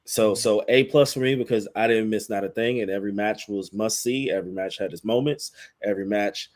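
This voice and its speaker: Male co-host, relaxed and easygoing, casual podcast banter. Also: lowish voice, fairly quick. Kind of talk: casual wrestling podcast chat.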